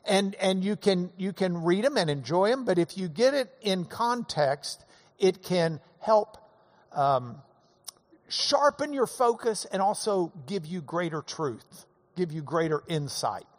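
A man's voice: sits high, animated, a little slow. Folksy man in a reverberant hall. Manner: folksy, chuckling storyteller. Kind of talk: casual monologue.

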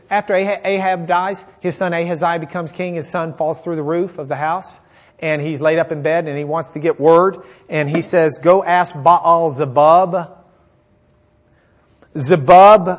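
A man with a medium-pitched voice preaches a sermon, retelling a Bible story with energy and acting out what the characters say.

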